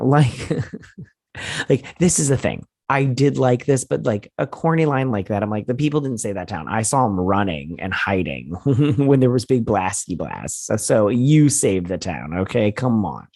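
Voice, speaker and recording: A man hosting a casual recap of a TV episode, retelling scenes in a chatty, animated way with playful quoted voices. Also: lowish voice, normal speed, no echo, clean studio sound. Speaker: show host.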